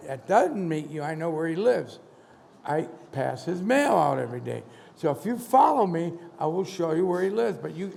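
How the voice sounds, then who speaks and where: On a conference hall stage, a man in his seventies works as a motivational speaker, telling a story and animatedly acting out the quoted dialogue. His voice is fairly high and creaky, and the large hall gives the recording plenty of reverb.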